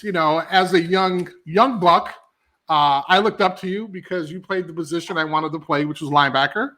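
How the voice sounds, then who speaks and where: Upbeat high-voiced podcast host, a man. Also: pushed and bright. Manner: upbeat, friendly, slangy. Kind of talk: casual interview chat.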